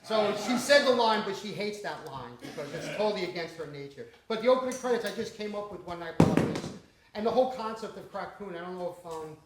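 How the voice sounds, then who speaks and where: High-voiced New man telling stories. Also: animated, fast talker, very noisy. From the Bronx, New York. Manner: storytelling, laughing often, swearing. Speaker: independent filmmaker. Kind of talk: Q&A after a film screening. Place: small cinema venue. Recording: echoey room with audience. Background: audience.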